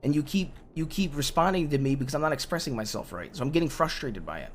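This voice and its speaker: A man's voice: fairly high pitch, expressive, fast, a little hiss or hum, close to an everyday voice. A man voicing an exasperated young man in an improvised game roleplay, pleading with his partner and tripping over his own restarts. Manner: pleading, repeats himself, stumbles over restarts. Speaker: roleplay character.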